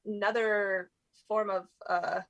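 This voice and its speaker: A woman's voice: mid-range voice, flat delivery, slow pace, low-quality recording. A young adult woman, a guest actress, chatting casually in an interview with lots of fillers and laughs.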